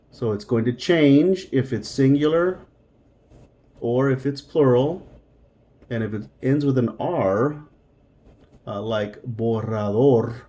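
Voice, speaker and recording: A man's voice: medium pitch, warm tone. A man teaching a recorded beginner Spanish lesson, explaining patiently step by step and repeating words.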